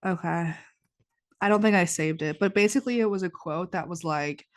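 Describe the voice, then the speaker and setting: A twenty-year-old woman hosts her own podcast, her voice sitting a little low for her age and stuffy after crying. She rambles in a loose, confessional way, often restarting her sentences and leaning on "like" as she goes. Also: moderate pace. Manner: rambling, heavy use of "like", frequent restarts. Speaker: podcast host. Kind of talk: casual confessional chat. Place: indoors, warm room.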